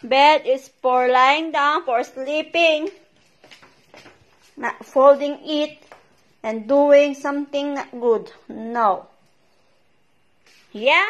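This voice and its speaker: A woman talking to her pet dogs, giving slow commands and coaxing and scolding them in pet-talk. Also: dull audio. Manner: high excited pet-talk when urging. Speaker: vlogger and dog owner.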